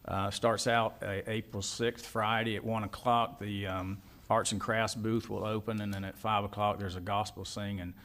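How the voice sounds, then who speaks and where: A man speaking as a county commissioner, briskly giving community announcements. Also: lowish voice, little pitch movement, a bit bright. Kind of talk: meeting announcements.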